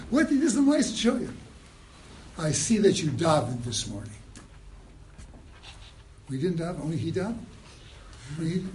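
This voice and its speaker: A man giving a mussar sermon, moving from hushed storytelling to loud rhetorical questions, with Hebrew and Yiddish terms mixed in. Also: sits high, slight background noise, low-quality recording. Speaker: rabbi giving a mussar talk.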